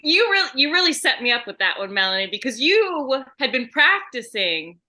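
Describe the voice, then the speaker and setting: A bubbly woman hosts a casual podcast chat, laughing often and restarting her sentences. Her voice is bright and sits a little high. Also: big pitch swings, normal speed. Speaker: podcast host.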